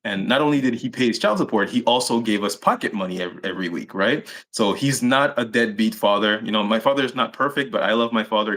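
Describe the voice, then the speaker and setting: Guy w a lower voice telling his story on a live interview, lots of uh and restarts. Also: a bit bright. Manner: halting, many restarts and fillers. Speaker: interview guest.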